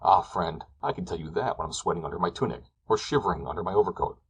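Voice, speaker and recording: A man's voice: deep voice, lively intonation, quick pace, slight background noise. A man voicing a blunt, plain-spoken mountain shepherd in a storybook reading, skeptical and down to earth.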